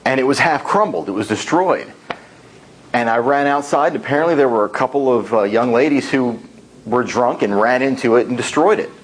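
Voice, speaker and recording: A man giving a tall-tale speech at a speaking club, telling it in an animated storytelling manner. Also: medium pitch, a little fast, slight background noise, low-quality recording.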